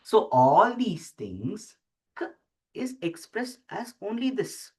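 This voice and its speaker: A teacher slowly explaining letters and sounding each one out for the class. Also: mid-range voice, very animated. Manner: slow, deliberate, repeats sounds aloud for practice. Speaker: Sanskrit teacher. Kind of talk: explaining script while writing letters.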